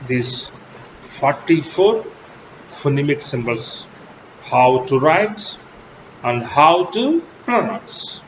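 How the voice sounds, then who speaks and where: Steady background noise and dull lo-fi sound mark this recording of a college lecture. The male English lecturer, whose first language is Telugu, speaks slowly and forcefully, jumping sharply in pitch on key terms.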